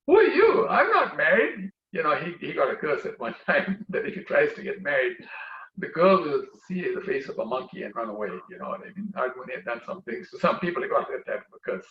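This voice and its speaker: A man giving a religious talk, telling a story in an animated, chatty way with many fillers. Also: mid-range voice, quick pace, gravelly, slight background noise. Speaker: devotional speaker. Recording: roomy, dull recording.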